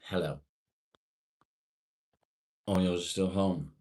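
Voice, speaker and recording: Very deep-voiced, unhurried middle-aged man. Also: fairly even intonation, a little mellow. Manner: laid-back, swears freely. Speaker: live streamer reading viewer comments. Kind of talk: casual live-stream chat.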